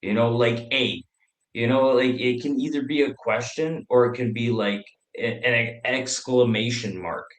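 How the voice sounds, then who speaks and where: A man's voice: mid-range voice, steady tone, unhurried, echoey room, low-quality recording. A man from Canada chatting casually on a group call, rambling and swearing freely. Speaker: call participant.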